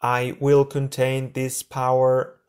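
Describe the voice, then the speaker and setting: A man voicing crazed, overloaded monster creatures in an audiobook, drawn-out and strained. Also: medium pitch, completely flat delivery, clean tone, pitched above the performer's own voice, lightly acted.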